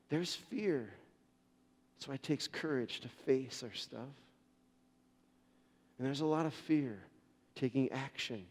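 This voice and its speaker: A man's voice: medium pitch, lively intonation, takes it slowly, long pauses, a little mellow, breathy edge, big-room sound. A man preaching a sermon as pastor, telling a story in an earnest way with frequent restarts.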